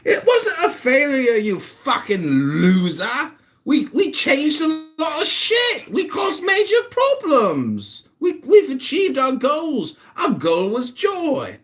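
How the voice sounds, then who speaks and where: This is a man from the United States in his forties, far up in pitch for a man. His voice leaps around as he rants and jeers at a critic during an online room debate. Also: wildly swooping pitch, takes it slowly. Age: 40s. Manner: loud, mocking, ranting insults. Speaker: political candidate hosting an audio chat room. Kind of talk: heated online chat room argument.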